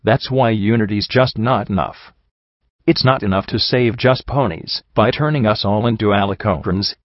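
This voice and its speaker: A man's voice: fairly low pitch, normal speed, no room sound, natural voice. A man voicing a blunt, stubborn young female pony heroine in an audiobook reading. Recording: dull dry recording.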